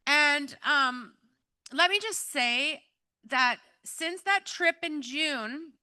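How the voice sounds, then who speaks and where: High, bright, earnest woman testifying. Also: expressive, drawn-out words, no echo. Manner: earnest, rambling, full of fillers. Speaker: event speaker giving a testimonial. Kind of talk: emotional personal testimony to a live audience.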